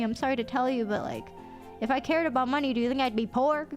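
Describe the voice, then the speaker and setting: A woman livestreamer telling a story to her chat in an animated way, swearing casually and breaking into laughter. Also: high-pitched, soft background music. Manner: excitable, swears casually, quick bursts of laughter.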